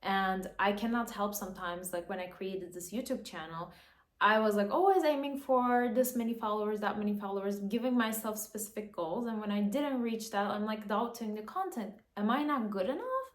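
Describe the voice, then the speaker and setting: A woman's voice: medium pitch, normal speed. Earnest woman vlogger in an echoey room. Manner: earnest, coaching, often checks in with "okay?". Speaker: vlogger giving confidence advice. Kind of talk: casual advice talk to camera.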